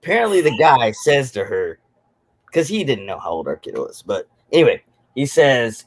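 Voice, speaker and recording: A man's voice: mid-range voice, very animated, unhurried. A man in his forties telling a rambling, jokey story in casual chat on a live stream, poking fun at himself. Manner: rambling, jokey, self-deprecating.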